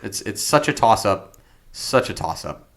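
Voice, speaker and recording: Podcast co-host, man, low voice, loose hesitant sports chatter. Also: expressive, unhurried, fairly bright tone. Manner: rambling, hesitant, many ums. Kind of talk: casual sports chat.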